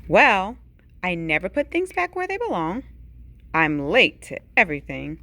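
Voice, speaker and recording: A woman reads a bedtime picture book aloud in an unhurried, storytelling rhythm, her voice rising and falling in wide, lively swings. A gravelly edge of vocal fry creeps into her lower notes, and now and then she drops to a hushed whisper for effect. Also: dry recording. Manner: dramatic storytelling with sudden hushed whispers and big pitch swings. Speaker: teacher reading aloud.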